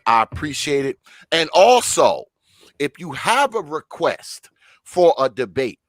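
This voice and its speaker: A man's voice: mid-range voice, fairly bright tone, dry recording. Profane older man hosting a debate stream. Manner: profane, combative, emphatic. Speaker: debate show host. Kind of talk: unscripted livestream rant.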